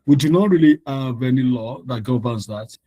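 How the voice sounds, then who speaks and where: A man's voice: medium pitch, moderate pace, dark tone, slightly rough, no room sound, dull audio. A male tutor explaining exam material in an online lesson, sharing his screen, repeating phrases with frequent ums and restarts.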